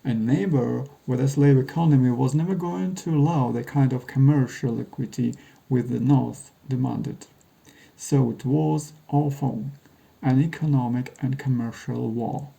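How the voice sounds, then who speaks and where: Man reading a book aloud, measured and a bit wry, really dark low-key voice. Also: creaky, low-quality recording. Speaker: narrator. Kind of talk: scripted narration.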